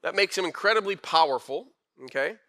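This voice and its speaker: A young man preaching a casual, conversational sermon with slang and animated asides. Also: high-pitched, a little fast. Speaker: pastor.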